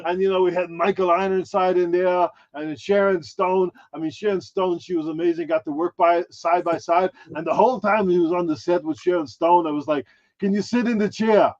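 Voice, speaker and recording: A brash, self-promoting action-movie star holds forth, as a man does the impression, crude and full of swagger. The voice sits fairly high, and the audio is dull and muffled. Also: steady tone, brisk, vocal fry, hardly any pauses, breathy edge, heavily acted. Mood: boastful. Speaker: guest impressionist. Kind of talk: podcast chat in character.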